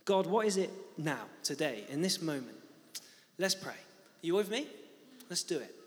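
A young man preaching and telling a personal story in a lively, animated way. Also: on the high side, normal speed. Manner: animated storytelling, acting out his own shock. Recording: reverberant church hall.

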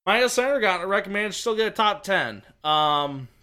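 A man co-hosting a podcast, rambling excitedly about racing with many restarts. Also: sits high, normal speed, clear, resonant tone. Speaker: podcast co-host. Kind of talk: casual racing chat.

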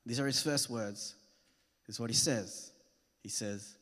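A man's voice: mid-range voice, measured pace, long pauses, a bit bright. A man preaching a sermon, earnest and rising to emphatic peaks. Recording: long hall reverb.

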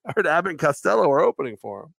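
A man's voice: a little high, big pitch swings, very fast, creaky, fairly bright tone, no room sound. A man co-hosting a casual sports podcast, joking crudely and rambling through stories. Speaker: podcast co-host.

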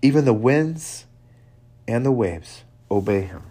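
A man giving an earnest devotional sermon, reading scripture and reflecting on it, with halting restarts and quiet drops in his voice. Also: mid-range voice, lively intonation, husky. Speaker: preacher.

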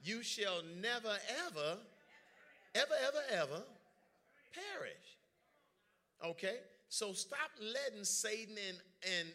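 A man preaching a lively sermon, joking with the congregation and calling for their responses. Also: fairly high pitch. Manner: lively, joking, drawls informal speech.

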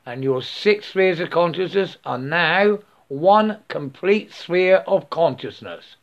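A man drifts through a rambling spiritual monologue and often stops to ask "yeah?" or laugh. His voice is gravelly and sits a little high. He speaks slowly and unhurriedly. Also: lively intonation, highs cut off.

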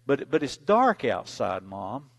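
A man's voice: mid-range voice, huge pitch swings, slow, vocal fry, exaggerated voice. A man voicing a frightened little girl who pleads hesitantly with her mother. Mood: scared.

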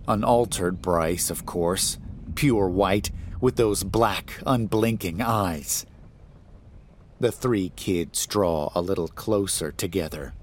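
A man narrating a first-person horror story in a measured, grave way. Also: sits low, a little hiss or hum.

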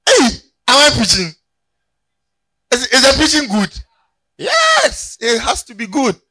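A man's voice: extremely high pitch, measured pace, no room sound. A man preaching a sermon as pastor, joking and calling on the congregation to turn to their neighbors. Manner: animated, joking, calls on the congregation.

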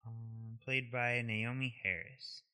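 A man co-hosting a podcast in casual chat, easygoing, often trailing off softly. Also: medium pitch, fairly even intonation, slow pace. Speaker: podcast co-host.

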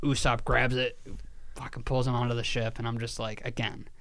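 A man's voice: mid-range voice, little pitch movement, a little fast, a bit bright. A man chatting casually as a podcast co-host, telling a story emphatically, swearing and often restarting his sentences. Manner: repeats words and restarts sentences. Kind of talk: casual chat.

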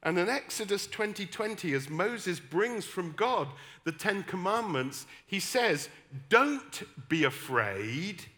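A middle-aged man from the West Country with a West Country accent, preaching a sermon with humorous, animated storytelling and emphatic repetition. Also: high-pitched, measured pace, hardly any pauses. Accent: West Country English. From West Country, England.

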